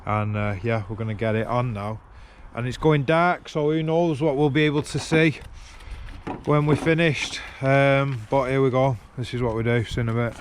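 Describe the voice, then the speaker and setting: At a moderate pace and medium pitch, a man speaks in a steady tone, a little hiss or hum underneath. He's a car vlogger at a roadside, working on a car outdoors and swearing bluntly to his handheld camera on a gimbal.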